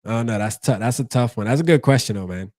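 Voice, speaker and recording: A man's voice: medium pitch, quick pace, a little mellow, dry recording, studio quality. A man hosting a casual sports fan stream, talking in a laid-back, slangy way. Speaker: sports channel host.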